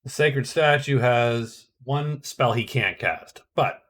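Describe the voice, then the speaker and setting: Slowly and in a fairly bright, medium-pitched voice, a middle-aged man comments casually on his own board game turns. He reasons aloud, often hesitating and restarting his sentences.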